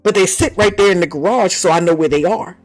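A woman apostle preaching a sermon in a lively conversational way, breaking into laughs and shouts of praise. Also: lowish voice, fast, faint music behind.

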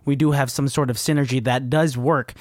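A man co-hosting a casual podcast chat, relaxed, swearing and laughing often while retelling scenes. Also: medium pitch, a little fast, no echo, clean studio sound. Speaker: podcast co-host.

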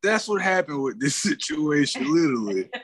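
A man's voice: a little high, very animated, normal speed, fairly bright tone, slightly rough, no room sound. Punchy blunt man, dry sound. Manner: blunt, punchy, laughing quips. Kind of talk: casual panel chat.

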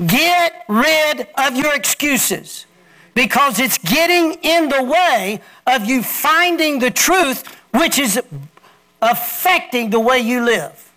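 A man's voice: very high voice, expressive, slow, pushed and bright. A male pastor preaching a sermon, calling on the congregation to repeat after him. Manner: preaching with call-and-response to the congregation.

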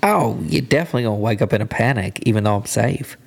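A man in his forties co-hosting a casual couples chat, talking loudly and with animation. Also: lowish voice, fast talker, creaky. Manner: loud and animated. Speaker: podcast co-host.

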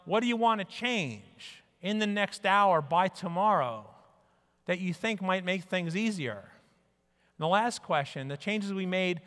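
A man delivers a conference keynote in an animated way, slipping into quoted dialogue as he goes. His voice sits high and bright. The sound rings with the long reverb of a large hall. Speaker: speaker.

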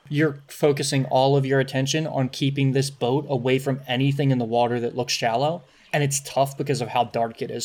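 A man with a mid-range voice narrates a tabletop game as game master, relaxed and descriptive, with many fillers.

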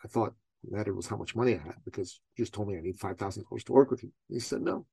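A man's voice: lowish voice, rapid-fire, gravelly, dark tone, slightly rough, no echo. A middle-aged man from Iran, a guest entrepreneur, telling a personal story in an interview with emphatic rhetorical questions.

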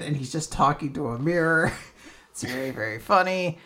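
This podcast co-host has a low voice and speaks at normal speed in a casual chat. She animatedly recaps a manga chapter, playing out the characters' lines with laughter.

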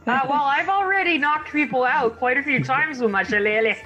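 A woman's voice: high-pitched, moderate pace, sharp tone, muffled recording, faint music behind. A woman chatting as a tabletop game player, giggly and hesitant. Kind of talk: casual tabletop game chat.

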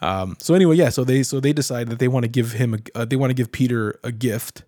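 A man's voice: medium pitch, fast talker, no room sound, clean studio sound. Laughing, chatty podcast guy. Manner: laughs often, acts out quotes in animated voices. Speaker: podcast co-host. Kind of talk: casual chat recapping a show.

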